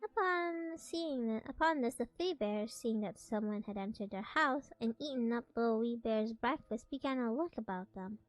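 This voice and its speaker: A woman's voice: a little high, expressive, normal speed, few pauses, no echo, rough recording. A young woman streamer reading a storybook aloud, playful and giggly, correcting herself as she goes.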